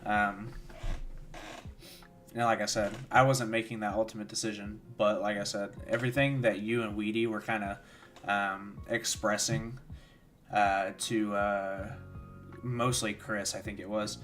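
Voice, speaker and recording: A man's voice: fairly low pitch, level tone, measured pace, a bit bright, faint music behind. A tired young man streaming, rambling casually with lots of fillers while he answers chat and commentates games. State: tired, yawning. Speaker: streamer hosting a watchalong.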